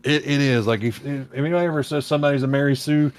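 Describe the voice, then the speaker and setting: A podcast co-host chats casually, rambling and poking fun at himself. He talks fast at a medium pitch with fairly even intonation.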